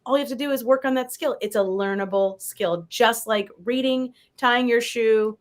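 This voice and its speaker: A woman's voice: a little high, normal speed. A woman sales coach speaking as an interview guest, upbeat and encouraging. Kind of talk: casual interview chat.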